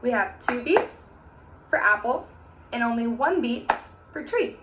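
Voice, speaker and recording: Young female music teacher, high and lively, slow and deliberate delivery, echoey room with faint hiss. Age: young adult. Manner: sing-song, encouraging teacher voice with chanted rhymes. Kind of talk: recorded online music lesson for children.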